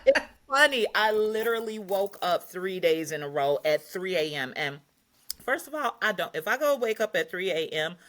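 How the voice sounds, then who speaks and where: An older woman tells her story on a podcast with a very animated, swooping voice. Her tone is bright, and she acts out quoted lines and laughs often as she goes. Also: mid-range voice, moderate pace. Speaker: podcast guest, retreat host. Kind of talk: casual interview storytelling.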